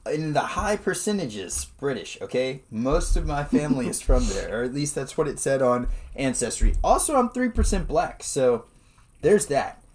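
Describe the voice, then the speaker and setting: A man co-hosting a casual podcast, his voice swinging widely up and down as he talks. He is animated and quick to laugh. He keeps throwing in dude and man. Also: medium pitch. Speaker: podcast co-host. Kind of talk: casual chat.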